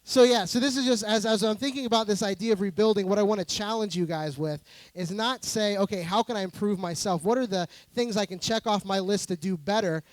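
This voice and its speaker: A man's voice: sits high, a little fast, dry recording. A male pastor giving a conversational, earnest sermon with touches of humor.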